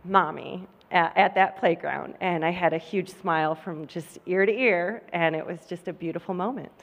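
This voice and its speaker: A woman with a fairly low voice speaks as a guest on a live podcast from a conference stage. Her talk is emotional and halting, full of ums, and long hall reverb trails each phrase. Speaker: guest, mother sharing news.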